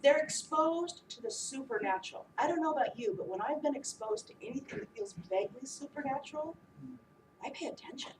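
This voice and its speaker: A woman preacher giving a sermon, animated and humorous as she acts out the disciples. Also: high voice, fairly quick, background noise. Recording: echoey room, voice from a distance.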